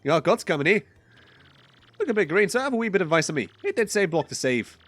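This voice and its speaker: A man voicing a rough, cheery male harbor local with a gruff, folksy manner, over faint game music. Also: high voice, big pitch swings, quick pace, a bit bright, no echo, pitched above the performer's own voice, heavily acted. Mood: jaunty.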